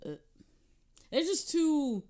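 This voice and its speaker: A woman's voice: sits high, lively intonation, slow pace, warm tone. A woman co-hosting a casual podcast chat, teasing in a playful way. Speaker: podcast co-host.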